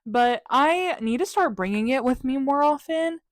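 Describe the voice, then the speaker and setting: A woman's voice: sits high, animated, normal speed, no echo. Chatty young woman, dry close sound. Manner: chatty, upbeat, self-mocking. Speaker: vlogger. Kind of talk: casual journal walkthrough.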